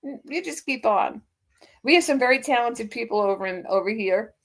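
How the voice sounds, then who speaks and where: A woman's voice: fairly high pitch, lively intonation, normal speed. A woman hosting a casual livestream, chatting and teasing with frequent laughs while greeting viewers. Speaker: livestream host.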